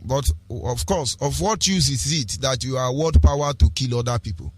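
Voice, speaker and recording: A man's voice: medium pitch, moderate pace, breathy edge, no echo. A man with a Nigerian accent, delivering an impassioned, preachy political radio talk with repeated rhetorical phrases and lapses into pidgin. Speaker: radio broadcaster.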